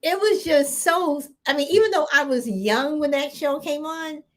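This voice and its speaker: A woman's voice: high-pitched, normal speed. Frank, opinionated woman co-host. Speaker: podcast co-host. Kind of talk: casual chat.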